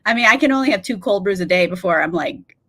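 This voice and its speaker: A woman's voice: mid-range voice, lively intonation, quick pace, a bit bright. A woman in her thirties hosting a casual reading livestream, chatty, swearing casually and laughing often as she reads out chat replies.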